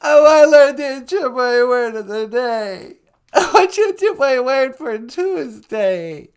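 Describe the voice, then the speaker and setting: A woman's voice: high-pitched, lively intonation, slow pace, darkish tone, clean tone, full character voice. A woman voicing a whiny male celebrity caller who fake-sobs, giggles and insists he is innocent, in a comedic prank-call sketch. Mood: whiny sobbing.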